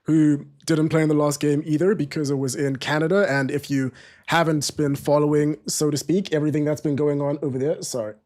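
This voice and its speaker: A man in a slightly higher register than most, talking loosely to his viewers as he hosts a live football watchalong. He rambles, restarts his sentences and pokes fun at himself in a relaxed stream-chat way. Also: fairly quick. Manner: rambling, self-deprecating, frequent restarts and fillers.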